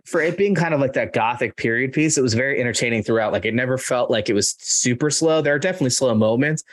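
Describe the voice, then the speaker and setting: A man hosting a casual film podcast, talking in an animated way and saying "dude" and "like" often. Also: medium pitch, fast. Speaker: podcast host. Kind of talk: casual chat.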